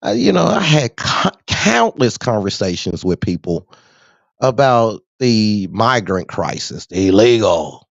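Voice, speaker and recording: Animated trucker man, lively pitch. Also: a little slow, gravelly, no room sound. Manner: animated, street slang, frequent laughs. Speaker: truck driver. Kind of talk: casual rant to camera. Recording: dull dry lo-fi sound.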